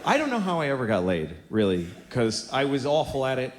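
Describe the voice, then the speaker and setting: A man in his forties doing a stand-up comedy set on a theater stage, telling blunt, exaggerated stories in an animated way. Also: mid-range voice, fairly quick. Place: theater stage before a live audience. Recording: roomy hall with audience noise.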